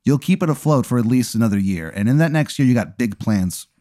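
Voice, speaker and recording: A man's voice: mid-range voice, animated, fast, warm tone, dry recording, clean studio sound. Rambling man spinning a comedy story. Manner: rambling, filler-heavy, laughing narration. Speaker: podcast host.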